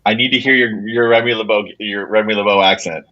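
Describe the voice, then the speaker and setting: A man's voice: lowish voice, fairly even intonation, fast talker, pushed and bright. A man co-hosting a casual comics chat, teasing and quizzing the host. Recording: dull lo-fi audio.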